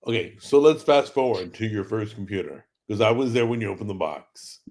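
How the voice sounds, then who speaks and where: A man's voice: lowish voice, lively intonation, fairly quick, vocal fry, darkish tone. Man asking short interview questions. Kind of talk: casual interview.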